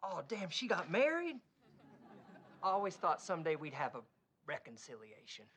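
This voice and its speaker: An actor playing a laid-back, self-pitying ex-boyfriend with an easygoing manner. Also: male voice, a little high, huge pitch swings, moderate pace, a bit bright.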